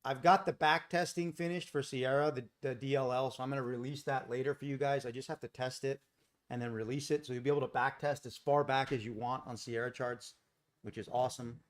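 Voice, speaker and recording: Speaking briskly in a steady, medium-pitched voice, this livestream day trader broadcasts from his Costa Rica home. He keeps things casual, responding to chat viewers by name over a desk mic without a boom arm.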